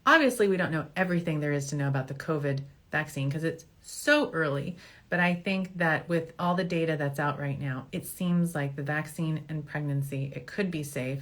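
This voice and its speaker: A middle-aged woman fertility doctor answering viewer questions in a casual, joking way, laughing at her own slips. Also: low-pitched. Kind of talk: casual Q&A show.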